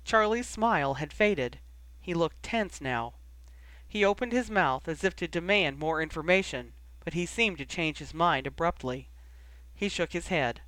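A man reading a fan fiction story aloud as audiobook narration, with steady storytelling. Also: fairly high pitch, a little slow, no room sound. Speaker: audiobook reader.

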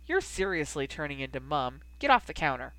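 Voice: mid-range voice, big pitch swings, fairly quick, fairly bright tone, no echo. A reader voicing a blunt, protective young man. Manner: grumbling, short-tempered. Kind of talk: audiobook character reading.

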